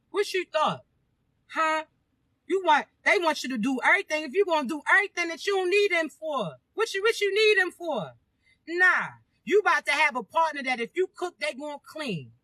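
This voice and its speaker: A woman's voice: high voice, expressive, moderate pace, sharp tone, no echo. A woman giving a casual spiritual reading to her viewers, emphatic and preachy, firing rhetorical questions and swearing freely. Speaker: spiritual reader addressing viewers.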